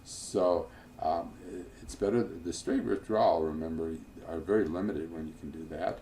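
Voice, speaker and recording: A man teaching a financial planning class in a relaxed lecture style, with frequent fillers, restarts and offhand asides. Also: low-pitched, normal speed, a little hiss or hum. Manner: informal, digressive, with many fillers and asides.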